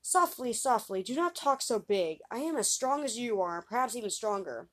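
A woman's voice: fairly high pitch, animated, moderate pace. Woman reading as a brash fearless youth. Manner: brash, loud exclamations. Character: bold fearless young man, cheeky and cheerful.

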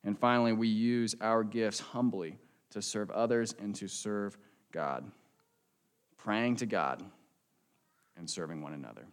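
A man preaching a sermon in a church as a pastor, in an earnest, conversational way, and closing in a quiet prayer. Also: lowish voice, unhurried, pauses often.

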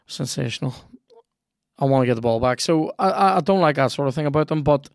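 Sweary gravelly man. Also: on the high side, lively intonation, fast talker, dry recording, studio quality. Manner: sweary, rambling, reacts aloud to the game. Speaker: podcast host. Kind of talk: casual chat while playing a video game.

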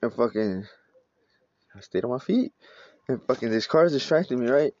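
A man's voice: mid-range voice, animated, normal speed, a little mellow, dry recording. A man casually telling a rowdy story, swearing and laughing as he acts out what people said. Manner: profane, laughing storyteller acting out voices. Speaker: podcast host. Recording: dull lo-fi recording with faint music.

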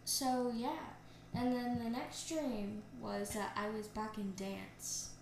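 A woman's voice: fairly high pitch, slow pace, vocal fry. Rambling young woman podcast co-host. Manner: rambling, animated storyteller. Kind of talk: casual chat. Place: indoors, TV on nearby. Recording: echoey room with faint noise.

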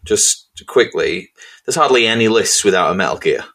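Man, tired, sweary, rambling, self-mocking, lower voice, podcast co-host. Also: animated, normal speed, fairly bright tone, a little hiss or hum. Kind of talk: casual chat.

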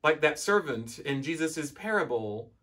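A man's voice: fairly high pitch, animated, measured pace, bright, forceful tone. A man preaching a sermon in a conversational, storytelling way, briefly acting out voices from the parable.

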